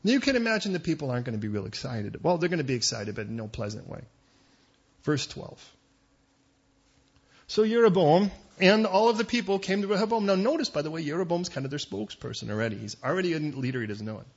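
A man preaching a sermon as pastor, conversational with joking asides and quick digressions. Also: on the high side, animated, breathy edge, highs cut off.

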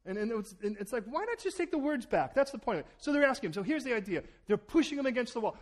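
A man preaching a sermon as pastor, animated, acting out quoted exchanges and repeating words as he starts a thought. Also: very high voice, fast talker, hardly any pauses.

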